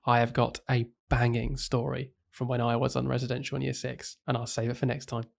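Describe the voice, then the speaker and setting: A man's voice: medium pitch, monotone, brisk, gravelly. Young male co-host, playful and teasing, reads aloud with chuckles. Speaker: podcast co-host, primary school teacher. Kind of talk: casual chat, reading a listener's story aloud.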